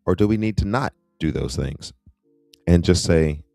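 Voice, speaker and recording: A middle-aged man with a very low voice hosts his livestream in a chatty, offhand way, tossing in wry asides. The sound is close and dry, with faint music under him. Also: fairly quick, creaky, darkish tone, dry recording. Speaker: host. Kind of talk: casual livestream commentary.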